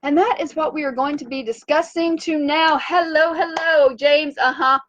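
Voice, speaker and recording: A woman hosting a motivational wellness livestream from her home, bubbly and animated, chanting and cheering. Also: high-pitched, normal speed. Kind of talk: upbeat motivational livestream chat. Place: home in Fiji by the sea. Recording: dull lo-fi sound.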